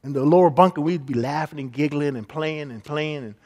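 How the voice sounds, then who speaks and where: A man's voice: a little high, fairly quick, darkish tone, in a large hall. A man preaching a sermon as pastor, earnest, and often acting out the people he quotes.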